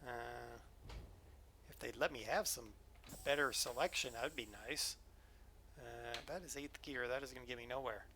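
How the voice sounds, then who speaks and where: Playing a truck-driving game at home, a streamer chats casually with his audience, joking and explaining as he plays. His medium-pitched voice stays steady and sounds pushed and bright, moving at a moderate pace with long pauses. A little hiss or hum runs underneath.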